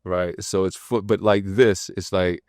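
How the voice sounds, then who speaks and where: A man hosting a podcast, telling a personal story in a loose, slangy, animated way and acting out the voices in it. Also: deep voice, a little slow, dry recording, studio quality. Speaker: podcast host. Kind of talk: casual conversation.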